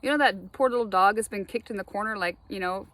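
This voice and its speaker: A woman's voice: medium pitch, fast, no echo. Rambling woman spiritual vlogger. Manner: animated, laughs often, swears freely. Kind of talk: rambling monologue to camera.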